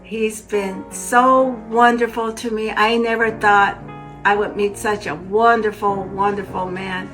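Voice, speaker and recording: A woman's voice: medium pitch, flat delivery, a little slow, a bit bright, soft background music. An older woman giving an earnest, heartfelt account of her own life in an interview. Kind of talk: personal testimony.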